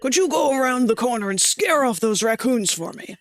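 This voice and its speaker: Grumbly old neighbor with a gruff, cranky read, put on by a woman streamer reading a game scene aloud. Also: a little high, lively intonation, a little fast, voice pushed up, close to an everyday voice. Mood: grumpy. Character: grumpy old man neighbor.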